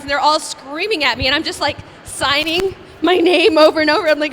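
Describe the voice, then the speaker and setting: A woman's voice: high-pitched, fairly quick, few pauses, a bit bright, long reverb tail, a little hiss or hum. A young woman, a voice actress, telling bubbly, self-mocking stories at a convention fan Q&A. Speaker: voice actress panel guest. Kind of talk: animated storytelling at a fan Q&A. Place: convention panel room.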